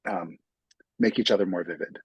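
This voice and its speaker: A man's voice: low-pitched, fairly quick, husky, dry recording, poor audio. A man from New York City, an author, telling self-deprecating stories as an interview guest. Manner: self-deprecating storyteller with frequent restarts. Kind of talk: casual interview conversation.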